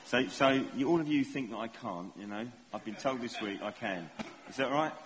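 A man's voice: mid-range voice, moderate pace. A middle-aged man preaching a sermon in a conversational, self-deprecating way, often asking the congregation questions. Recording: long hall reverb, faint ambience.

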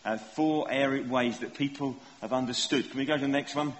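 A middle-aged man preaches a sermon in a conversational, self-deprecating style, often putting questions to the congregation. His voice is medium-pitched and steady, moving a little fast. Long hall reverb and faint ambience fill the recording.

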